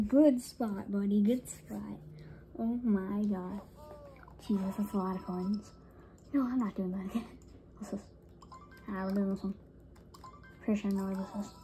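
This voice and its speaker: A young woman giving casual commentary while playing a video game, excitable, muttering to herself and then breaking into frustrated shouts. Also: mid-range voice, moderate pace, long pauses, a little hiss or hum. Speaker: gamer streamer.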